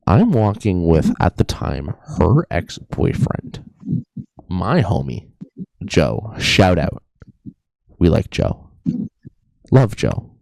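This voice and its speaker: Gravelly low-voiced young man. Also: wildly swooping pitch, takes it slowly, pauses often, darkish tone, no echo. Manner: joking, rambling, says "anyways" a lot. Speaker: podcast co-host. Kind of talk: casual storytelling chat.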